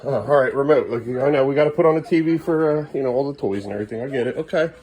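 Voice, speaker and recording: A man's voice: medium pitch, very fast, a little mellow, slight background noise. A middle-aged man vlogging at home as a father, coaxing and scolding his kids in casual talk.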